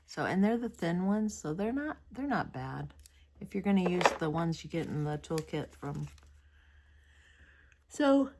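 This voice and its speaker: Low-voiced sleepy woman rambling chattily. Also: animated, normal speed, dark tone, a little hiss or hum. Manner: rambling and chatty, with frequent hesitations. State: sleepy, yawning repeatedly. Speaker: crafting video host. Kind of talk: casual product review chat.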